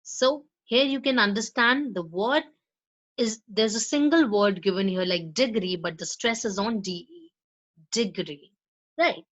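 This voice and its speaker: A woman with an Indian English accent giving a recorded lecture on spoken English. She explains slowly, with frequent fillers and repeated words, and stresses syllables on purpose when she models pronunciation. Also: a little high, a bit bright, highs cut off. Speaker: law college English teacher.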